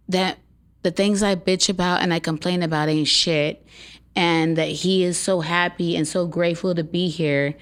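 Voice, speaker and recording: A woman's voice: fairly low pitch, smooth. A woman in her fifties talking earnestly and bluntly in a casual podcast chat, swearing freely.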